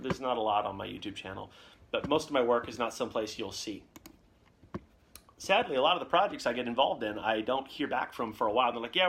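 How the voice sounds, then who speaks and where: A young man hosting a live Q&A about voice acting, talking casually and at a middling pitch. He wanders from one anecdote to another, padding his sentences with fillers and restarts. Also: fairly bright tone, slight background noise. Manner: rambling storyteller, jumps between anecdotes with many fillers. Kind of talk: casual live-stream chat.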